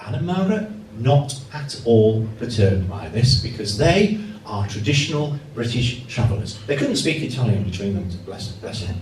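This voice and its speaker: A male journalist with a medium-pitched voice talks at a moderate pace with hardly any pauses, giving a humorous after-dinner speech as a guest. His storytelling is lively and self-mocking, and the laughing audience is heard in a roomy hall from a distance, with slight background noise.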